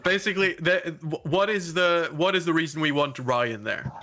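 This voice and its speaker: A man with a high, bright voice argues plans at a tabletop game. He is blunt, laughs often and swears without a second thought. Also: moderate pace. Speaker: player. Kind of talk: casual chat at a tabletop game.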